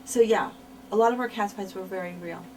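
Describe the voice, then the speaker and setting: A woman's voice: medium pitch, a little fast, a little mellow. Frank woman recounting, slightly distant mic. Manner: frank, repeats words for emphasis. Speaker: interviewee, former wrestler. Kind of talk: candid shoot interview storytelling. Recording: mic at a distance, faint noise.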